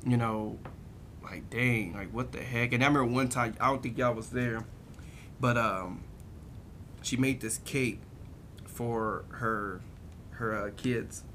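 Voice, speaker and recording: A man's voice: mid-range voice, fairly even intonation, takes it slowly, long pauses, fairly bright tone. A young man spins a rowdy story in casual conversation. He keeps laughing and swearing, mimicking the voices of the people he quotes. A faint hum sits under the recording. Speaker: podcast co-host telling a story.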